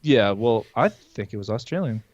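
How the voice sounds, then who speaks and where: A man's voice: on the low side, moderate pace, dry recording. A man co-hosting a podcast who tells his stories with energy, dropping in bits of put-on accents along the way. His voice comes through a dull, lo-fi mic, and the sound is dry and close. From California. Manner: animated storyteller, slips into put-on accents. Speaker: podcast co-host. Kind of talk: casual chat.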